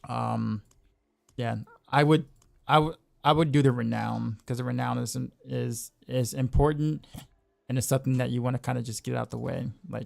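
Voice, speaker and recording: A man streaming a game chats through his choices, repeating words and trailing off easily. His mid-pitched voice has a heavy gravel to it, recorded dry and close. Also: a little mellow, no echo. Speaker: game streamer and music teacher. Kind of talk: casual gameplay commentary.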